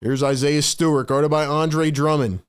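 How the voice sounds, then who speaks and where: A slightly high-voiced man calls a basketball game live for his fan stream. He runs through the plays quickly, then breaks into exasperated rants and heavy sighs. His talk is loose and casual, full of "man" and "bro". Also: fairly even intonation, smooth. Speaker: host doing live play-by-play.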